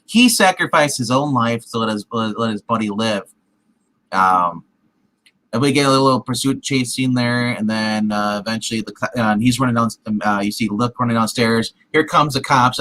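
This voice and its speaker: A man's voice: mid-range voice, moderate pace, rough recording. A man co-hosting a film review show, rambling through the plot in casual chat. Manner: rambling, acts out scenes in lively put-on voices.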